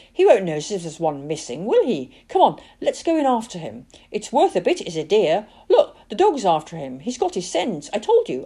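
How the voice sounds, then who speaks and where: A woman voicing an eager, boastful male poacher who chatters excitedly and insists he is right, raised higher and louder than her narration. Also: gravelly, husky, exaggerated voice.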